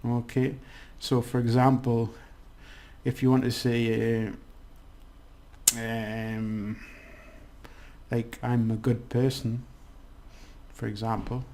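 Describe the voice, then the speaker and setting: A man's voice: mid-range voice, level tone, slow, pauses often, mellow. A man giving a casual language lesson, chatty and rambling with many restarts. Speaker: language teacher.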